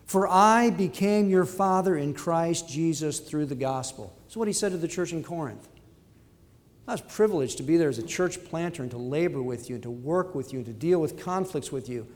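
A man with a high voice preaches an emphatic sermon. He quotes scripture and briefly acts out everyday voices to make his points. His voice rings with a long reverb, as in a large hall. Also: expressive, moderate pace.

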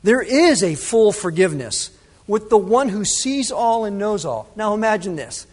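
A male pastor preaching a sermon to his congregation, dramatic, swinging between loud emphasis and hushed asides. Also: sits high, very animated, moderate pace, slightly rough. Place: church sanctuary. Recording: reverberant church hall.

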